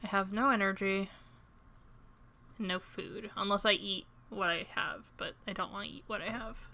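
A woman comments on her own gameplay in a loose, chatty way and pokes fun at herself. Her voice is bright and forward, with a middle pitch. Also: fairly even intonation, normal speed, slight background noise. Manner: chatty and self-deprecating. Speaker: game streamer. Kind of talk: let's-play commentary.

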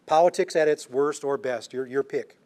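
A man's voice: medium pitch, normal speed, dark tone. An older man giving a public science talk, telling anecdotes with asides and restarts. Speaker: lecturing astronomer.

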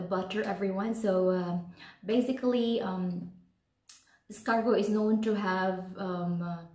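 A woman hosting a casual mukbang vlog, eating between words and chatting to her viewers. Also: mid-range voice. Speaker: vlogger. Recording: roomy echo.

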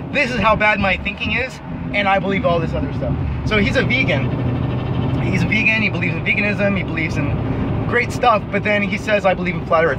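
A young man in an angry rant to camera, profane and scornful, repeating himself, recorded outdoors. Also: sits high. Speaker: vlogger. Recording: noisy outdoor recording near traffic.

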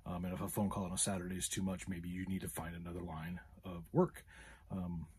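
A man's voice: sits low, level tone, a little fast, mellow, a little hiss or hum. A man hosting a podcast, telling a frustrated story in a casual monologue with many fillers. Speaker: podcast host.

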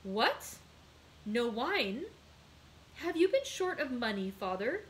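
A woman reading aloud, voicing an earnest, devoted young male sailor with lively emphasis. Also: on the high side, moderate pace, slight background noise, close to an everyday voice, rough recording. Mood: anxious.

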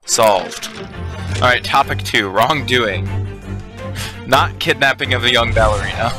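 A man's voice: medium pitch, a little slow, music in the background. A man joking wryly while playing a story game with friends. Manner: joking, wry. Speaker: game player. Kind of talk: casual let's-play banter.

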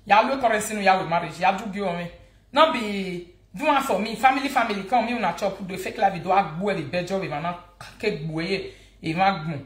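A woman with a Nigerian accent hosts a casual gossip vlog, teasing and mocking as she talks. She sits at a middle pitch and keeps hammering words through repetition. Her voice rings in an echoey room. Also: fairly quick. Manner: animated, mocking, repeats words for emphasis. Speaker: gossip vlogger.

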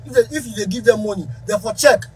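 Man, Ghanaian Pidgin accent, high voice, heated rant to camera, repetitive, faint background noise. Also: a little fast, low-quality recording. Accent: Ghanaian Pidgin English. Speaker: musician.

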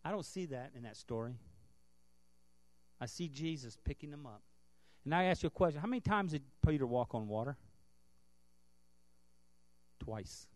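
A man preaching a sermon as a guest pastor in a church, swinging from loud earnest preaching to quiet tender tones, then leading a prayer. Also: medium pitch, dry recording. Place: church building.

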